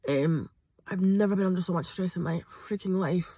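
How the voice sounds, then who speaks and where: A woman talking hesitantly to camera from a parked car, pausing often with ums. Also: on the low side, mellow, no echo. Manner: hesitant, with frequent ums and pauses. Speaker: vlogger. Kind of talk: personal confessional vlog.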